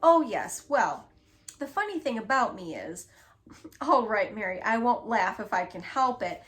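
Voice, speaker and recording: Woman reading as a jolly round uncle, cheery and sorry-sounding, a bit high, soft music behind. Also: big pitch swings, unhurried. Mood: sheepish. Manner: cheery and apologetic. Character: round, jolly middle-aged man, laughter-prone.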